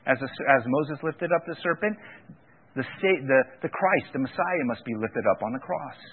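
A man's voice: medium pitch, expressive, moderate pace, husky. A man preaching a sermon, driving points home by repeating key words. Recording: tinny phone-like radio broadcast.

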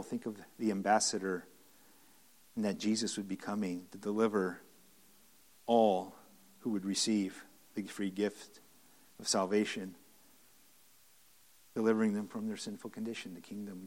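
Preaching to a room during Bible study, a pastor speaks in a lowish, slightly mellow voice. His sermon is conversational, earnest, and emphatic, with repeated phrases and frequent restarts.

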